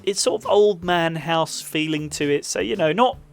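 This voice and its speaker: Man running a tabletop game, rambling narration, slightly high voice. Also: moderate pace, gravelly, faint music behind. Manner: rambling, full of fillers and laughs. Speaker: game master.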